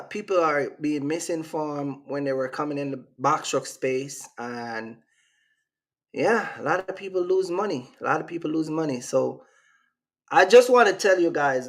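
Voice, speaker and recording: A Jamaican man hosts his own channel live, talking in a rambling, slangy way and answering the chat as he goes. His voice sits a little high and has a rough, fry-filled edge. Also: fairly bright tone. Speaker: channel host. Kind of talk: casual livestream chat.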